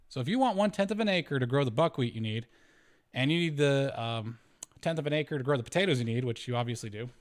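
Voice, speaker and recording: Man thinking aloud over a spreadsheet. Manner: thinks aloud, self-correcting, chuckling, pitch swinging up and down. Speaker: homesteading channel host. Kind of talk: casual spreadsheet walkthrough.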